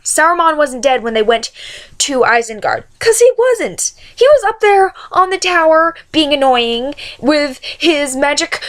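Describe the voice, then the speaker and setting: A woman vlogger delivering an excitable, rambling rant to her viewers. Her voice sits slightly high, and she keeps cutting herself off to fix names and details. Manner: rambling, excitable, self-interrupting. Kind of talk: casual fan rant to camera.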